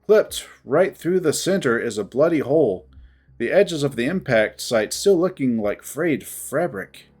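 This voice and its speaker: A storyteller giving a dramatic first-person reading of a visual novel. The delivery is slow and breathy. The pitch moves freely to build tension. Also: sing-song, darkish tone, soft background music.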